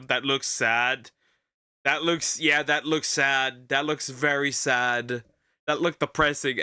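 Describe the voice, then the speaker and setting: A man giving excitable, teasing reaction commentary as a streamer, breaking into rapid repeated protests. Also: medium pitch, dry recording, clean studio sound. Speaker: VTuber streamer.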